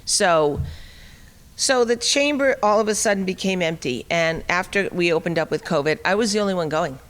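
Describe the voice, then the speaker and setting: Middle-aged woman telling a feisty story on stage, wry and animated, voice ringing round a big hall. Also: fairly low pitch, normal speed. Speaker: speaker at a liberty forum. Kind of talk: storytelling talk. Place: conference hall. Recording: long reverb of a hall.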